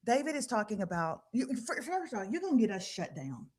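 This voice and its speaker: A woman hosting a podcast in casual chat, animated and joking. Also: medium pitch, a little fast. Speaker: podcast host. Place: live podcast recording.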